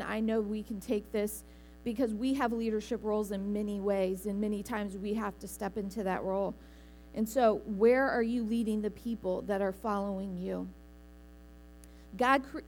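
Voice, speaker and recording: A woman's voice: on the high side, a little mellow. Woman, sermon, earnest, conversational, church, light hum in background. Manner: earnest, conversational preaching with small restarts. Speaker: preacher. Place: church sanctuary.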